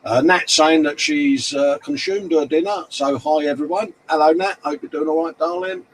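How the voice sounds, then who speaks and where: A man's voice: on the high side, moderate pace, slight background noise, rough recording. A middle-aged man, hosting a casual live stream and reading out viewer comments in matey banter. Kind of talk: casual chat.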